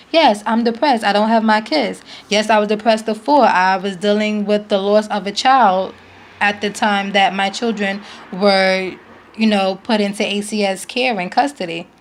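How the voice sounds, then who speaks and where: A woman, making an earnest, pleading appeal to camera as a parent, repeating her points for emphasis. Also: medium pitch. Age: 20s. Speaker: vlogger, parent. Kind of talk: emotional direct-to-camera appeal.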